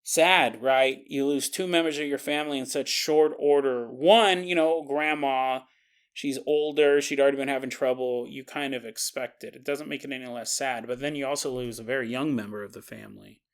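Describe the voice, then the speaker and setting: A man's voice: mid-range voice, steady tone, moderate pace, smooth. A man hosting a podcast, retelling a story casually with joking asides and chuckling tangents. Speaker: podcast host.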